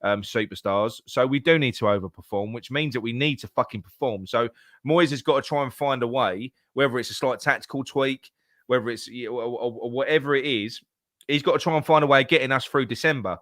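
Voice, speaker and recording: A man's voice: mid-range voice, brisk, a bit bright, dry recording, clean studio sound. A man talking football on a podcast, swearing often and restarting his sentences. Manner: swears a lot, stumbles and restarts, heated. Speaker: podcast co-host. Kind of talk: casual football chat.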